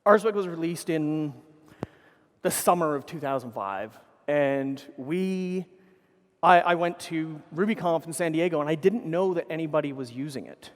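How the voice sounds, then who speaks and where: A man's voice: fairly high pitch, normal speed, in a large hall. A man giving a conference keynote, telling rambling anecdotes full of swearing and self-corrections into a stage microphone. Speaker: keynote speaker.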